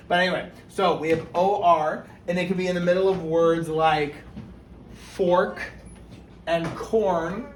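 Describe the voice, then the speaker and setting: A man's voice: a little high, slow pace. A male teacher giving a phonics lesson to young children, patiently sounding out words step by step. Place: classroom. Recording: echoey room with faint noise.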